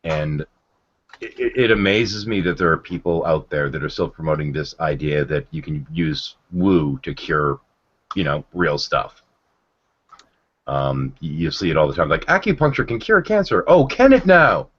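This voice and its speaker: Low husky man, sardonic rambling host. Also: fairly even intonation, measured pace. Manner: rambling, sardonic, many ums and restarts. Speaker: livestream host. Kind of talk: casual livestream chat. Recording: dull lo-fi stream audio.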